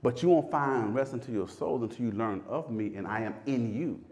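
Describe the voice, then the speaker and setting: A man preaching a sermon with fervor, repeating phrases and swinging from loud peaks to hushed lows. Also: a little fast.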